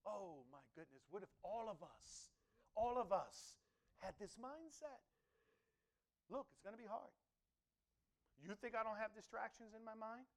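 A man preaching a sermon, shifting between hushed near-whispers and loud, emphatic lines, and acting out inner dialogue. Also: sits high, measured pace, pauses often. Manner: animated preaching, swings from soft murmurs to loud emphatic lines; acts out inner dialogue in different tones. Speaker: pastor.

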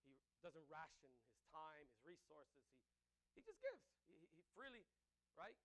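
A man's voice: fairly high pitch, wildly swooping pitch, measured pace, a bit bright. A male pastor preaching a sermon with fervor, often repeating words and restarting phrases.

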